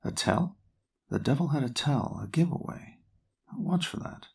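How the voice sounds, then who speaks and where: A man's voice: lowish voice, lively intonation, fairly quick, vocal fry, no echo, clean studio sound. An actor reading a wealthy man who plays poker with the devil, wry and a bit nervous. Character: bored wealthy man gambling his soul, nervous but confident. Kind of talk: table read of a screenplay.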